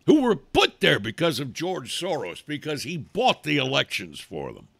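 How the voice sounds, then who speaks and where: A man hosting a talk show, ranting angrily and profanely about politics, breaking into loud outbursts. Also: on the high side, huge pitch swings, moderate pace, gravelly, slightly rough, no room sound. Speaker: radio talk show host.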